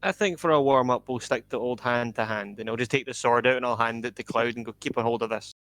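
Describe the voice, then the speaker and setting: A man's voice: mid-range voice, fast, a bit bright, no room sound. Brief: male player, casual and cheeky, dry close recording. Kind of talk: casual chat and in-character play.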